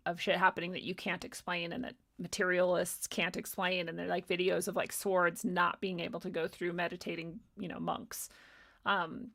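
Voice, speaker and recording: A young woman hosting a livestream, reading chat questions aloud and answering them in casual, profane, animated chat with frequent laughter. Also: fairly low pitch.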